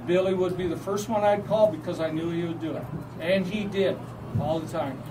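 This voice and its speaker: A man with a Canadian accent telling lively, laughing anecdotes at a memorial gathering about a fellow referee. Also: high-pitched, fairly quick. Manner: animated storytelling, acts out quoted voices with laughter. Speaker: referee assigner giving a memorial tribute. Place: gathering hall with audience. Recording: distant mic, noisy crowd.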